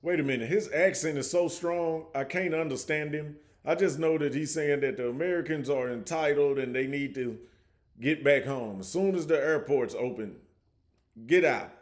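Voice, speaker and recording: A man's voice: fairly high pitch, normal speed. A man hosting a casual reaction commentary, talking conversationally with frequent stammering restarts. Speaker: commentary host.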